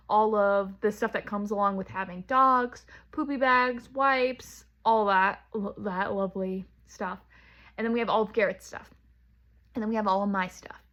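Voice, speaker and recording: A woman from Southern California chats casually to her vlog camera at home. Her voice sits a little high for a woman, and she rambles with plenty of "um" and "like.". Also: fairly bright tone, dull audio. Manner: chatty and rambling, with frequent "like" and "um". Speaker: vlogger. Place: at home while packing.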